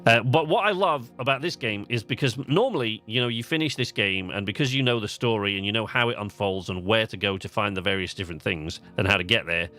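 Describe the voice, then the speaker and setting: A man's voice: lowish voice, fast, few pauses, pushed and bright, faint music behind. A man streaming a video game live, chatting eagerly to his viewers, with plenty of fillers. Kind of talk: gaming livestream commentary.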